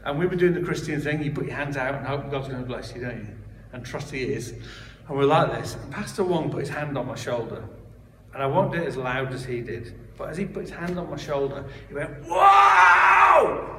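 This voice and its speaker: A church member gives a personal testimony in a conversational style, often restarting and slipping into asides. His medium-pitched voice is brisk, with a little hiss or hum, and he stands far from the mic in a roomy hall.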